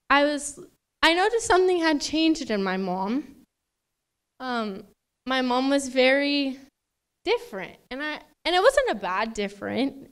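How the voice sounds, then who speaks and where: A young woman with a smooth, high voice gives a maid of honor toast at a wedding reception. She's chatty and emotional, laughing often between filler words.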